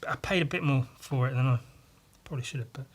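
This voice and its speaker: A man's voice: mid-range voice, quick pace, slightly rough. A man hosting a podcast, talking alone in a casual, rambling way, swearing freely and breaking off mid-sentence. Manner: sweary, rambling, self-interrupting. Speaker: podcast host.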